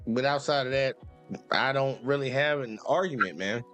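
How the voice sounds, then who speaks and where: A man's voice: mid-range voice, normal speed, fairly bright tone, dull audio, faint music behind. A male host arguing bluntly with a caller on a call-in show, profane and talking over him. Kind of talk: heated call-in debate.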